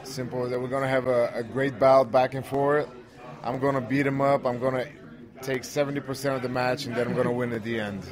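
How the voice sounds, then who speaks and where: A man's voice: medium pitch, level tone, fairly quick. Blunt man, crowd behind. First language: Bulgarian. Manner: blunt, confident short answers. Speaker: interview guest, pro wrestler. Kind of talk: casual interview.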